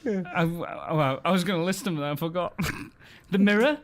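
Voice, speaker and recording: A man's voice: high voice, animated, unhurried. A male comedian co-hosting a podcast, telling rambling stories in casual chat and often breaking into laughter. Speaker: podcast co-host, stand-up comedian.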